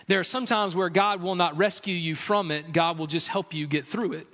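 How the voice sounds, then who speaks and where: Bright, high-voiced man preaching in a hall. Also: normal speed, hardly any pauses. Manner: conversational, builds to animated storytelling with a raised, excited voice. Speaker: pastor. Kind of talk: sermon.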